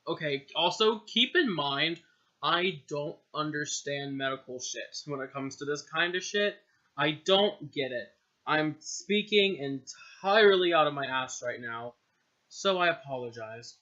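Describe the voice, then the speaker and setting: A man's voice: on the high side, expressive, unhurried, sharp tone. A man casually reading aloud his own old story, giggling, mocking himself and swearing in asides. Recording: dull lo-fi home recording.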